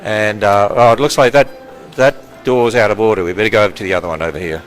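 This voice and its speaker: A man's voice: fairly low pitch, quick pace, faint music behind, low-quality recording. A man in his sixties with an Australian accent, giving a casual tour and chatting with visitors, joking and laughing often. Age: 60s. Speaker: ministry president giving a tour. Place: walking through a building and outdoors.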